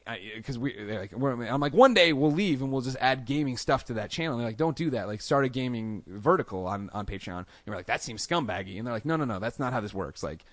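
A man speaking as a podcast guest, racing through his stories at a brisk clip. He tells them casually and animatedly, and he jumps into quoted lines in a raised voice. His voice sits in a mid range and comes through dry and close on a studio mic. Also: mid-range voice, animated, fairly bright tone, no room sound. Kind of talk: casual storytelling interview.

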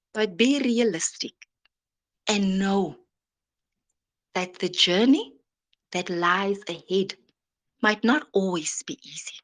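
A woman giving an inspirational sermon, dramatic and often dropping to a soft whisper. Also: medium pitch. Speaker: motivational speaker.

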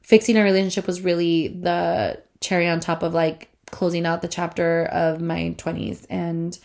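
Congested and breathing through her mouth, a podcast host of about thirty talks alone in a rambling, chatty, foul-mouthed style. Her lowish voice is creaky and a little mellow, flat in delivery and moderate in pace.

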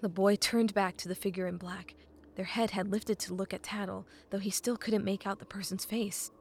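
A woman reading a novel aloud as an audiobook narrator, measured and often dropping to a hushed half-whisper. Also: medium pitch, steady tone, a little hiss or hum.

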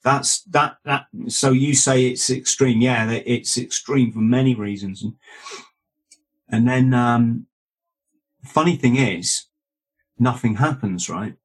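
A man's voice: medium pitch, slow pace, pauses often, slightly rough. A man, a former Royal Marine, earnestly telling his story as an interview guest and often checking in with "right?" and "mate.". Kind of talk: conversational storytelling.

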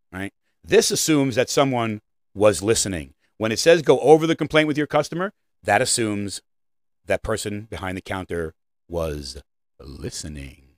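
A man who trains retail staff in leadership, giving an opinionated podcast talk and checking in with "right?" and "okay?" as he goes. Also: no room sound. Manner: emphatic, with frequent "right?" and "okay?" check-ins; swings between loud high stresses and low quiet asides.

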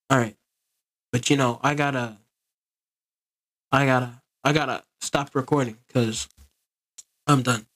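Fairly high-pitched and a bit bright, this man rambles through gameplay commentary in an easygoing way, chatting with his viewers as a gaming video creator.

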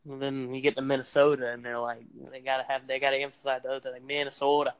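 A man's voice: mid-range voice, flat delivery, fast talker, clean tone. A young man hosting a casual podcast, rambling and playful with lots of fillers, recorded on a phone microphone. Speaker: podcast host. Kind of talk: casual chat.

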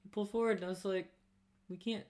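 Young guy on a podcast mic, rambling animated storytelling, lots of restarts. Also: high voice, fast talker. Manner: rambling, animated retelling with restarts and acted quotes. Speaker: podcast co-host. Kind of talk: casual storytelling chat.

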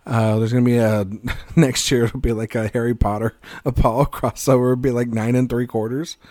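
A man's voice: mid-range voice, flat delivery, brisk, a little mellow, no echo. Dry, close-miked man joking around. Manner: rambling, jokey, swears freely, laughs mid-sentence. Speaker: podcast co-host. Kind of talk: casual film podcast chat.

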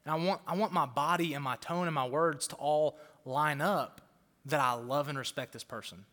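A male pastor with a fairly high, bright, forceful voice preaches a fired-up sermon to a church crowd at a normal speed, frequently repeating words for emphasis. A long hall reverb fills the recording.

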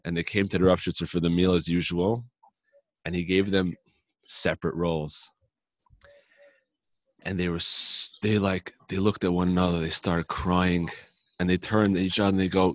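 A man's voice: low voice, a little fast, no room sound. A man telling a heartfelt story in a casual chat, using Yiddish and Hebrew terms.

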